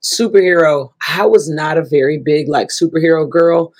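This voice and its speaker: A woman basketball coach, a guest on a podcast, giving relaxed, easygoing answers. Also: sits low, normal speed, slightly rough. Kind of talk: podcast interview.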